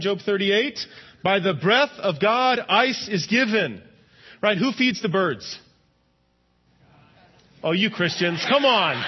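A pastor preaching a sermon to a congregation in a church, animated and often asking them "right?". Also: male voice, sits high, dull audio.

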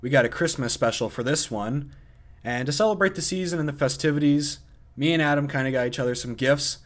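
A man's voice: a little high, brisk. Young guy cohosting a podcast, jokey, lots of "like"s, laughs a bunch. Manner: joking, laughs often, many "like" fillers. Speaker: podcast co-host. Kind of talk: casual chat.

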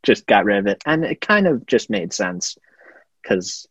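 Husky young man on a dull mic. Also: fairly low pitch, big pitch swings, fairly bright tone. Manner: halting, stammering restarts. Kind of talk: casual movie review chat.

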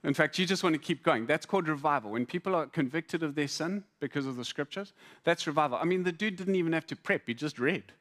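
A man preaching a sermon to a congregation, conversational and humorous, with lively repetitions. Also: a little high, quick pace. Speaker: pastor. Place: church hall before a congregation.

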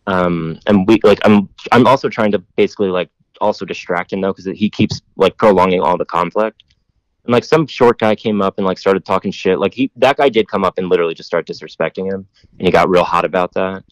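A man's voice: low-pitched, brisk, no echo. A man telling a long rambling story in casual podcast chat, full of "like" and casual swearing.

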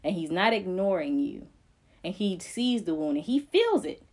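A woman's voice: lowish voice, sing-song, moderate pace, darkish tone. A woman co-hosting a faith podcast, speaking earnestly and emphatically, with repeated phrases that build like preaching. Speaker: podcast co-host.

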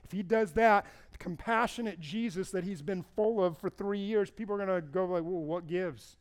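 High, smooth-voiced male pastor preaching. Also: fairly quick. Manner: animated storytelling, acting out the people in the story with a raised voice. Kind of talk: sermon.

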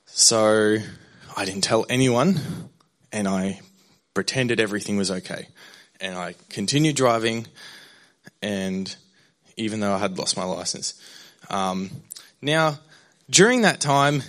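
A man's voice: fairly low pitch, expressive, unhurried, pauses often, fairly bright tone. A young man, a pastor, sharing a candid personal testimony in a sermon, rambling with fillers and restarts.

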